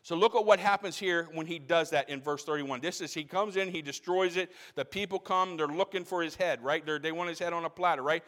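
A man's voice: a little high, fairly quick, hardly any pauses, fairly bright tone. A man preaches a sermon, his words ringing out with a long reverb around them. He repeats his phrases and presses his points with growing force. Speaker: pastor.

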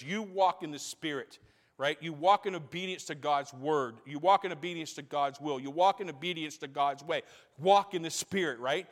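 A pastor with a high voice preaches a sermon to his congregation, repeating key phrases and swelling in force. The voice carries a long reverb from a church sanctuary. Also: moderate pace. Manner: preaching with rising intensity, repeating phrases for emphasis.

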